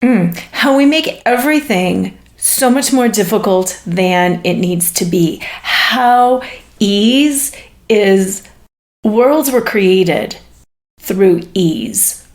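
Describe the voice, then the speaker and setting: A woman hosting a session in which she relays channeled spirit messages, speaking in a halting, searching way and laughing often. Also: mid-range voice, lively intonation. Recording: echoey room.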